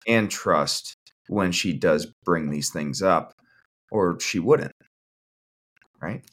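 A man in a couples therapy session who speaks in a calm, low-key way about his partner. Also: takes it slowly. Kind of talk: casual chat.

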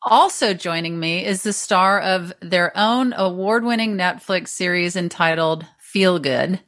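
A middle-aged woman hosting a podcast, talking in a dry, deadpan way. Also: fairly low pitch, measured pace. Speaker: podcast host. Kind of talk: casual chat.

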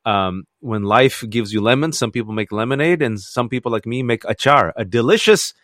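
A man in the guest chair of a radio interview, spinning animated stories and laughing often. His voice sits at an ordinary pitch and is recorded close and dry, with no room sound around it. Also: normal speed, dry recording. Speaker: author and guest.

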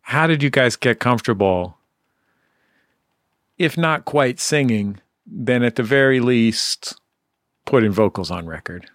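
Male host, mid-pitched, eager, dry close mic. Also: expressive, measured pace, long pauses, fairly bright tone, no echo. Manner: enthusiastic, hums out the music. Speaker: radio host. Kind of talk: interview hosting.

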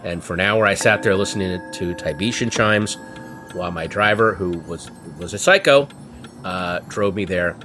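A man telling a comic story in an animated, wry way, building tension. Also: low voice, normal speed. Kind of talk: comedic storytelling. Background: guitar music.

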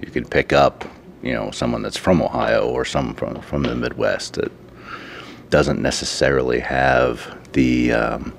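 A very deep man with a heavily gravelly voice answers a reporter in the street. He speaks measured and hesitant. A low rumble sits faintly behind him. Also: fairly even intonation. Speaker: local resident interviewed.

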